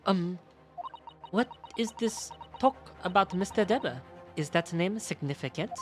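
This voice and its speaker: A man's voice: sits high, expressive, unhurried, soft background music, voice pushed up. A man voicing a fussy older French woman who runs a wax museum, with a put-on French accent and a hesitant, flustered way of talking. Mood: fretful.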